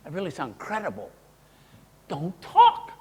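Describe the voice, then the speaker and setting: A man presenting a live workshop, playful and animated, quizzing the audience as he teaches. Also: fairly high pitch, unhurried, long reverb tail. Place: seminar room with an audience.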